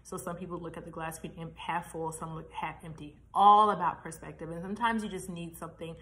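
Chatty woman vlogger, lowish voice. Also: fast talker. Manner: chatty, animated, laughs at herself. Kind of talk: casual motivational vlog. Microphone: camera mic, reading notes.

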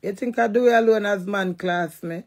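A woman's voice: medium pitch, moderate pace. A woman with a Jamaican accent, ranting and cussing defiantly in a monologue to camera. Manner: loud, cussing, defiant rant. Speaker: vlogger.

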